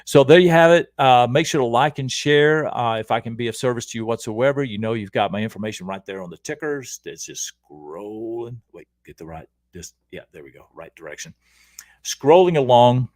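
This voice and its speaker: Upbeat coach with a dry close sound. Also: male voice, medium pitch, brisk, no room sound. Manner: energetic, repetitive, checks in with "okay?". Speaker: leadership coach and show host. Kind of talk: casual livestream talk to viewers.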